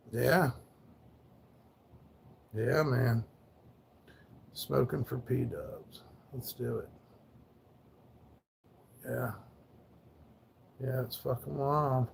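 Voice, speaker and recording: A man's voice: a little high, gravelly, darkish tone. A man livestreaming, rambling and swearing as he talks about his late dog, grieving and sometimes thanking chat. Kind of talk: casual livestream talk.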